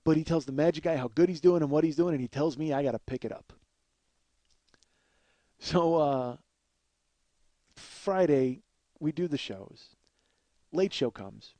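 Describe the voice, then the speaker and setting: A man in his forties, a comedian and podcast host, telling a profane comic story in an animated way, swearing often and laughing as he goes. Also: medium pitch, no room sound. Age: 40s.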